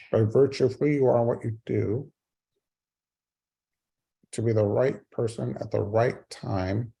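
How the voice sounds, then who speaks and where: A man's voice: medium pitch, vocal fry, dark tone, slightly rough. A middle-aged man giving a keynote speech on a video call, telling a personal story with wry, self-mocking humor. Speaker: keynote speaker.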